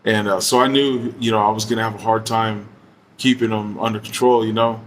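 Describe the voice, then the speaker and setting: Laid-back man telling a rough story. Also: fairly low pitch, steady tone, brisk, slight background noise. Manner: laid-back, slangy and profane, heavy use of fillers. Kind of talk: casual storytelling.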